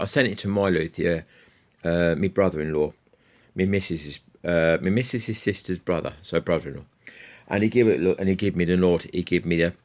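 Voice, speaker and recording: Man, middle-aged, deep low voice, casual rambling vlog chat, swears a lot, muffled lo-fi sound. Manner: swears freely, rambling and chatty. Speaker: guitar YouTuber.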